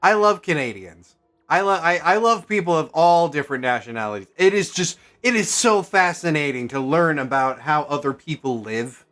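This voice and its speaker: A man's voice: a little high, expressive, normal speed, fairly bright tone, soft background music. Chatty man thinking aloud over a game. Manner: thinks aloud, rambling and self-correcting. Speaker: streamer. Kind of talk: casual gameplay commentary.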